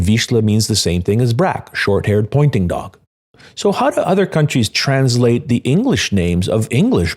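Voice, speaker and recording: A man's voice: fairly low pitch, darkish tone, breathy edge. A man hosting a solo podcast, explaining his subject in an enthusiastic, storytelling way. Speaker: podcast host.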